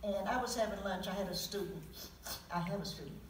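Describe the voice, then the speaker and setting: A woman's voice: mid-range voice, quick pace, a little hiss or hum. A woman in her seventies, a poet telling stories and reading poems to an audience, candid, with chuckling asides. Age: 70s. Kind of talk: storytelling talk with poetry reading. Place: auditorium at a public event. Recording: roomy sound from a distant mic.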